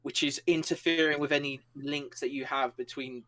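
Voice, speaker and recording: A man with a medium-pitched, fairly bright voice narrates a tabletop game as game master, speaking at a moderate pace in a steady tone. He rambles with lots of fillers, laughs along, and acts out the characters.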